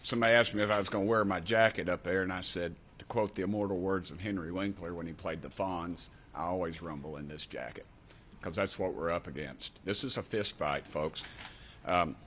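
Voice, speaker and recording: A deep-voiced man in his sixties with an East Tennessee drawl speaks at a press event, folksy and fired-up. He hammers home short repeated refrains, with a faint hum of ambience behind him. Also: brisk, fairly bright tone. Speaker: congressman. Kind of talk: fiery press conference remarks.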